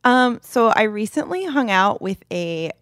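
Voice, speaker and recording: A woman's voice: medium pitch, expressive, a little slow, a bit bright, dry recording. A woman co-hosts a podcast in easygoing chat, wry and self-deprecating as she tells her stories. Her mid-range voice is recorded close and dry, with no room around it. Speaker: podcast co-host. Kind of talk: casual chat.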